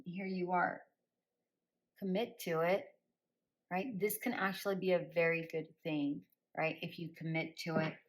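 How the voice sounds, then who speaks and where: A woman's voice: lowish voice, steady tone, measured pace, rough recording. A woman giving a spoken tarot reading. She speaks directly to listeners by star sign and repeats phrases for emphasis in a coaching tone. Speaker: tarot reader.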